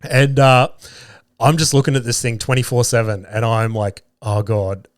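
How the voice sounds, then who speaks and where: Brief: man, mid-pitched, solo podcast host, loose and sweary, dry close sound. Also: steady tone, moderate pace, no echo. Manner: casual, sweary, self-deprecating, laughs at himself. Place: at home.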